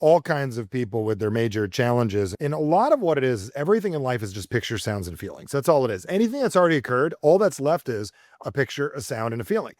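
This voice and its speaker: A man's voice: mid-range voice, very animated, quick pace, hardly any pauses, a little mellow, dry recording, clean studio sound. A man, a communication coach, telling stories energetically as a podcast guest and acting out the voices he quotes. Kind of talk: podcast interview.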